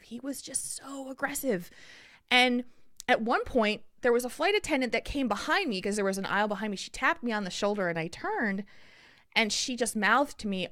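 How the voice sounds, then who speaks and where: Bright-voiced woman telling a story. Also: on the high side, dry recording, studio quality. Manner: animated, acts out people in the story. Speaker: podcast co-host. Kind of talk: casual storytelling.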